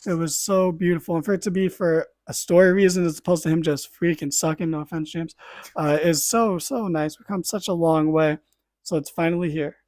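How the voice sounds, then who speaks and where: A man with a somewhat higher voice retells events in an animated play-by-play, full of casual asides and the occasional swear. The sound is dry and close, with no room around him. He talks like a podcast host chatting with friends. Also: fairly quick, no room sound. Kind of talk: casual wrestling recap.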